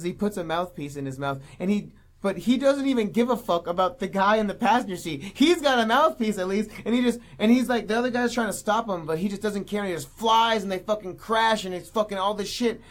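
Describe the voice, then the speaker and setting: A man's voice: high-pitched, fairly quick, few pauses. A man co-hosting a casual movie review podcast, swearing a lot and laughing often as he recaps scenes. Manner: profane, animated, laughs often. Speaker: podcast co-host.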